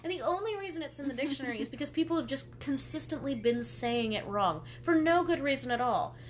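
A woman's voice: high-pitched, lively intonation, a little fast. Emphatic young woman ranting casually. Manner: emphatic, ranting with frequent laughter. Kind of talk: casual chat.

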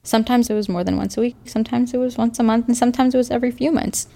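Halting, gravelly woman telling her story. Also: a little high, steady tone. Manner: quiet, halting, slow pauses. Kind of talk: personal testimony. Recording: faint music beneath.

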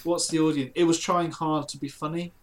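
A man's voice: fairly high pitch, level tone, a little fast, over a noisy crowd. A man in casual chat, critical and sarcastic about a film.

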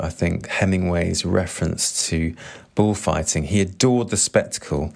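A deep-voiced man reads long passages from a novel aloud. Between the readings he comments on them in a measured, reflective way. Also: a little mellow. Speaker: literature commentator.

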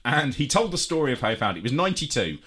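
A man's voice: mid-range voice, very animated, racing, a bit bright, breathy edge. A man hosting a podcast, telling a funny story in casual chat with a lot of laughter. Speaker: podcast host.

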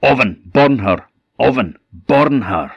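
A man with an Orkney Scottish accent voicing a spiteful magic treasure chest that shouts commands. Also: mid-range voice, animated, takes it slowly, gravelly, husky, no echo, muffled recording, voice pushed up, full character voice. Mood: shouting, spiteful.

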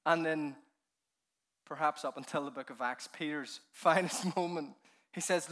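A male preacher with a bright, ringing voice that sits a bit high. He tells the story with lively energy and laughs often, sinking to a near hush before rising again with fervor. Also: measured pace. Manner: animated storytelling, dropping to hushed tones and rising with fervor; laughs often while speaking. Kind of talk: sermon. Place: conference hall.

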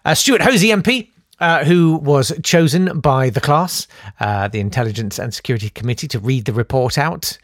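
A man's voice: medium pitch, lively intonation, normal speed, no room sound, clean studio sound. Sarcastic man doing satirical comedy. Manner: sarcastic, mock-indignant, bursts into shouting riffs. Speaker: comedian host.

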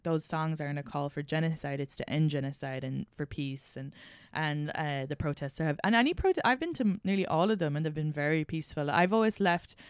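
A young woman talks loosely as a podcast host, circling back and restarting her thoughts as she gets worked up. Her voice is smooth and resonant, recorded dry and close with no room sound. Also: low-pitched, fairly quick, no room sound. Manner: rambling, restarts often, animated. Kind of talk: casual chat.

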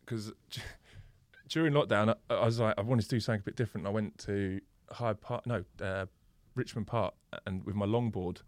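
A man's voice: on the low side, moderate pace, no room sound. Young man, dry close mic. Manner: animated storyteller, swears freely, acts out the people in his stories. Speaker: podcast guest. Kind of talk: casual podcast chat.

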